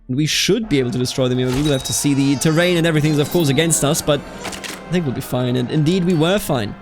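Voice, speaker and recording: A man's voice: a little high, fast, soft background music. A man hosting a strategy game let's play, chatting casually with exasperated outbursts and reading game events aloud. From Bavaria. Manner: animated, exasperated outbursts, calls people dude.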